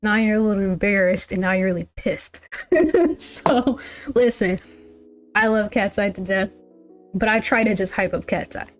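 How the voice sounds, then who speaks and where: A woman's voice: mid-range voice, steady tone, moderate pace, soft background music. Chatty woman rambling through a reaction. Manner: rambling, chatty, full of "like" and restarts. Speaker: music reaction channel host. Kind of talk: casual reaction commentary.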